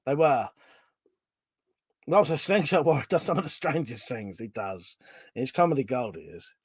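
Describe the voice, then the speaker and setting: A man's voice: mid-range voice, sing-song, brisk, slightly rough, dry recording. A man hosting a livestream, chatting casually and reading viewer comments aloud, laughing often and swearing freely. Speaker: livestream host.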